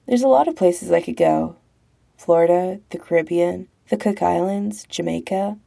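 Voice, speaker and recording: A woman voicing a sleepy, playful young man who longs for somewhere warm, speaking softly. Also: fairly low pitch, normal speed, creaky. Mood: sleepy teasing. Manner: drowsy, playful, soft. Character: sleepy, teasing young man wanting warmth.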